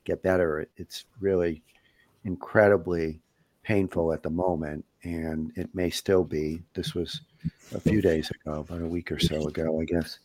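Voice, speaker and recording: A man podcast co-host, a family therapist, talking in a measured, thoughtful way about a listener's letter. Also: sits low, fairly even intonation, a little mellow, no room sound. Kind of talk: reflective podcast talk.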